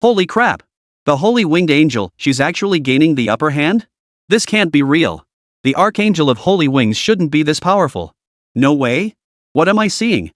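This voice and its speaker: A man's voice: fairly high pitch, big pitch swings, moderate pace, no echo, studio quality. A man voicing a stunned male academy admissions officer exclaiming in disbelief. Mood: shocked.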